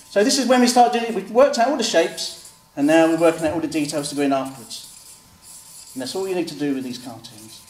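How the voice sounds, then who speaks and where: A man's voice: a little high, quick pace. A man, an author and illustrator, chatting through a step-by-step drawing demonstration and acting out children's replies. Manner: chatty, explains step by step, acts out kids' replies. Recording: roomy sound, mic at a distance, faint background noise.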